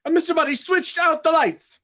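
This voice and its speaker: A reader plays a frantic butler racing through his explanation of the murder. The pitch jumps wildly, from low mutters to sudden yelps. It is a live script reading, hurried and breathless. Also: animated, close to an everyday voice.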